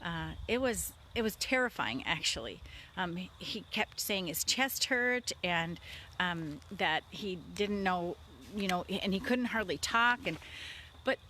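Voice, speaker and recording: A woman's voice: on the low side, expressive, a little slow, pushed and bright, a little hiss or hum. A middle-aged woman talking casually outdoors on her farm, with lots of fillers and restarts. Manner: conversational, many fillers and restarts. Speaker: vlogger talking about leadership. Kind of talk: casual spoken story.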